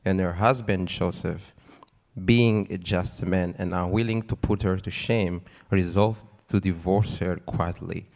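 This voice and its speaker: A man reading a Bible passage aloud before a sermon in a steady, formal tone. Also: sits low, a little slow, vocal fry. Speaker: scripture reader. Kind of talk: scripture reading.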